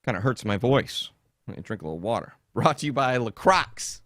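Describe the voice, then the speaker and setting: A man's voice: mid-range voice, sing-song, fairly quick, a bit bright, no echo, studio quality. A man hosting a podcast in a casual comedic rant, mocking and laughing often as he jumps between topics. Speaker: podcast host.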